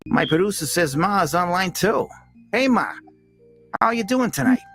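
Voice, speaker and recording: A man's voice: high voice, lively intonation, moderate pace, a bit bright, faint music behind, voice pushed up. A man voicing a brash late-night call-in radio host with a Rhode Island accent.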